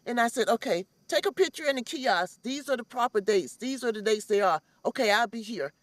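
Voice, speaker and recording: A woman's voice: on the high side, lively intonation, fairly quick, no echo. A woman who organizes a community farm, speaking earnestly in an interview and repeating phrases for emphasis. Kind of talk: heartfelt interview talk.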